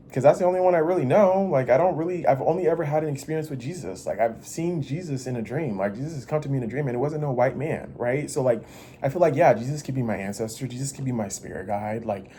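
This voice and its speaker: A man talking straight to the camera in a rambling confessional vlog, swearing freely and restarting his sentences. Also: slight background noise. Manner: rambling, restless, swings between loud bursts and low mutters; profane and self-interrupting. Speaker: vlogger. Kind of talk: casual confessional monologue.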